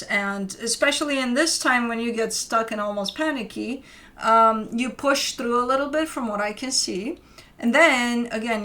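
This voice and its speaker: A woman's voice: mid-range voice, sharp tone. Chatty woman giving a tarot reading. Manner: rambling, conversational, lots of fillers and restarts. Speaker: tarot reader. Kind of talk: casual spoken tarot reading.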